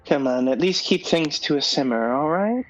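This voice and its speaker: A man's voice: on the high side, expressive, moderate pace, highs cut off, soft background music. A man playing in an online tabletop game, bantering and joking with the group. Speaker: player. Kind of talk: casual chat during a tabletop game.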